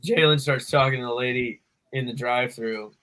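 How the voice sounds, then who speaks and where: Bright-voiced young man telling a story. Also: mid-range voice, brisk, low-quality recording. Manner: animated storyteller, acts out quoted voices. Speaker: podcast co-host. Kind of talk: casual storytelling chat.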